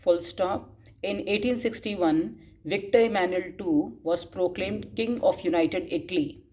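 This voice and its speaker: Slow-dictating woman teacher. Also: on the low side, a little mellow. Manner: slow dictation, spelling out words and repeating phrases; frequent coughs and throat clearing. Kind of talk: dictating class notes.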